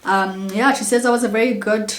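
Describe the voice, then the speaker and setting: A South African woman in her late twenties, chatting casually and warmly as a vlogger, telling childhood stories with lots of asides to viewers. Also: fairly high pitch, steady tone, fairly quick, echoey room. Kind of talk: casual get-to-know-me storytelling.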